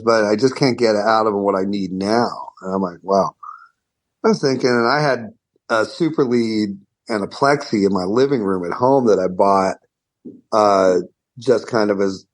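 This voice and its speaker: Rambling middle-aged guitarist telling stories. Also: male voice, fairly low pitch. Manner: loose and rambling, swears, many fillers. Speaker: guest guitarist. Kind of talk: casual storytelling.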